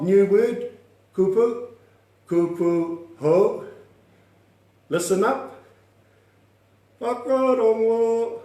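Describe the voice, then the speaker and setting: A man's voice: fairly high pitch, dark tone. A man teaching an online language class, upbeat and coaxing, drilling words aloud and laughing often. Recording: echoey room.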